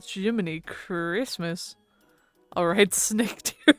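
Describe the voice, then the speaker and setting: Female streamer, relaxed slow chatter, laughs a lot, casual cursing. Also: medium pitch, no echo, soft background music. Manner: giggly, chatty, swears casually. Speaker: VTuber streamer. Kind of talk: casual stream chat with viewers.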